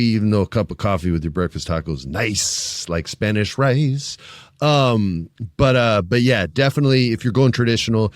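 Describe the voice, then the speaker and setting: A man co-hosting a podcast in relaxed, casual chat, calling people dude and bro. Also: mid-range voice, no room sound, clean studio sound. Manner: laid-back, says dude and bro. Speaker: podcast co-host.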